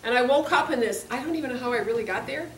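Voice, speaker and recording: A woman's voice: a little high, rapid-fire. A woman giving a personal testimony sermon, earnest and confessional, repeating phrases for emphasis. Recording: echoey room, distant mic, faint hiss.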